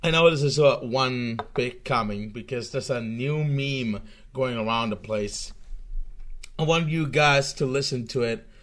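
A man's voice: medium pitch, unhurried, fairly bright tone. A man ranting on a live stream in a casual, profane, rambling way, stumbling through many restarts.

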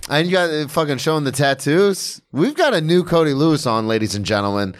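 A man's voice: on the high side, lively intonation, fairly quick. A man hosting a comedy podcast, chatting casually with a guest, swearing freely and teasing him. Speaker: podcast host. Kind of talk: casual chat.

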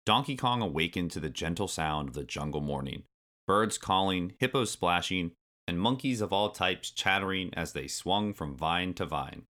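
Male storybook narrator, low and bright, very lively delivery. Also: moderate pace. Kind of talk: storybook read-aloud.

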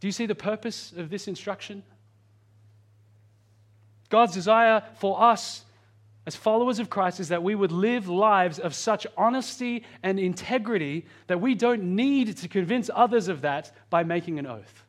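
A man delivers a sermon in an earnest, pastoral tone, his voice fairly high for a man. He varies pitch and pace for emphasis, slowing right down on key phrases and rushing through asides.

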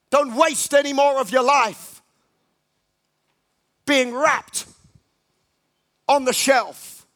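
A man preaching a sermon, exhorting the congregation in emphatic, repetitive bursts that jump from quiet talk to loud rallying cries. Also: very high-pitched, steady tone, very slow, long pauses.

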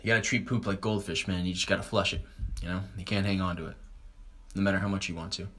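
A low-pitched young man with a bright, forceful edge to his voice. He rambles casually and crudely, like a stand-up comic hosting his own podcast. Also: fairly even intonation, quick pace. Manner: laid-back, crude, rambling. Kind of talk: casual rambling comedy chat.

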